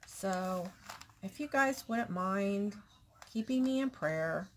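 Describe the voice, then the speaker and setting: A woman records a casual vlog at a slow, unhurried pace, her mid-range voice halting and restarting as she speaks candidly about her worries. She sometimes sinks to a soft whisper, and a faint background hiss runs under the recording. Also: medium pitch, animated. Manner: halting, with many restarts and pauses. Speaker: vlogger.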